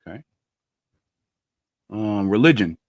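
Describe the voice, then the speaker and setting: A man's voice: fairly low pitch, expressive, takes it slowly, no room sound. Playful man hosting a dating quiz. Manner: playful, loose slang, teasing. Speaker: podcast host running a dating quiz. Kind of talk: casual group chat on a video call.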